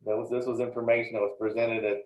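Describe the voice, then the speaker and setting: A man's voice: fairly low pitch, level tone, fast, darkish tone. A man giving a plainspoken, explanatory lecture on dairy breeding, with frequent small restarts. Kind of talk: recorded slide lecture. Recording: roomy, dull lo-fi sound.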